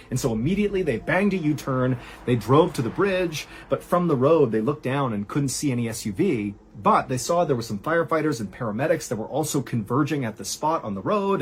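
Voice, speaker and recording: A man hosting a storytelling show, narrating a true horror tale in a conversational way, full of "and so" and "like", dropping low and quiet at grim moments. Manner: animated, rises high for quoted cries; conversational, uses "like" and "and so". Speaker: storyteller host.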